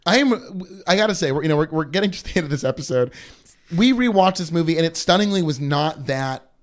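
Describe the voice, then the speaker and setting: A man's voice: fairly high pitch, animated, fast. A man co-hosting a comedy podcast, chatting casually about movies in a wry way and quoting people in mocking voices. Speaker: podcast co-host.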